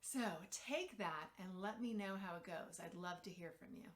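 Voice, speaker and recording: A woman's voice: fairly low pitch, normal speed. A woman speaking as a parent coach, telling a story and giving advice directly to the camera in a conversational way with the occasional filler.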